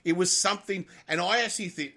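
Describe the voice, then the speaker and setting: A man's voice: high-pitched, fast, vocal fry, pushed and bright. A middle-aged man, co-hosting a casual podcast chat, swearing a lot and ranting heatedly. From Australia. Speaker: podcast co-host.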